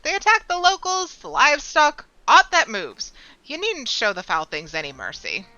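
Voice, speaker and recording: A woman's voice: sits high, big pitch swings, normal speed, bright, forceful tone, no echo, highs cut off, voice pushed up, full character voice. A woman playing a blunt, hearty job-giver. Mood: brusque. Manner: blunt, hearty old-fashioned speech. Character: brusque woman hiring monster hunters.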